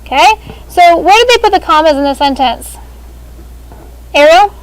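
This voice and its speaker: A high-pitched woman leads a grade-school grammar lesson, brisk and businesslike as she calls on students one by one. She speaks through a face shield in a classroom. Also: lively intonation, low-quality recording. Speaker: sixth grade language teacher. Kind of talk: classroom teaching.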